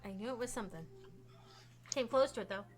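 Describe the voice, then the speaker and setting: A woman's voice: on the high side, fast, soft background music. A woman running a tabletop role-playing game, joking, swearing and breaking into laughter. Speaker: game master. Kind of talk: casual tabletop game narration.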